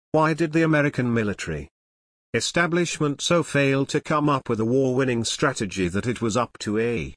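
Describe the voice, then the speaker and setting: Man narrating with lively pitch. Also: no room sound, studio quality. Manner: measured, serious reading. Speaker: audiobook narrator. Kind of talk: scripted nonfiction narration.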